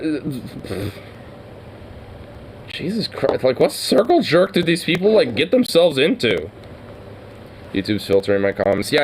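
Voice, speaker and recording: Slow, rambling man reacting with swearing. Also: medium pitch, slight background noise. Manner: rambling, swears a lot, laughs often. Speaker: streamer reacting to clips. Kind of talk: casual commentary.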